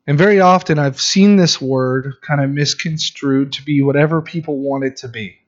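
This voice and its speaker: Earnest preacher man, lo-fi sound. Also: fairly high pitch. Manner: earnest, conversational preaching with many restarts. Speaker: pastor. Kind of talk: sermon. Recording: dull lo-fi recording.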